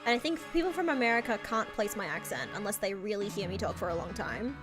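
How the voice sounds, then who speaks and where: A woman from Australia chatting casually while streaming a game, playful and quick to laugh. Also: mid-range voice. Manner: animated, laughs often, playful. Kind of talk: casual gaming stream chat. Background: game music.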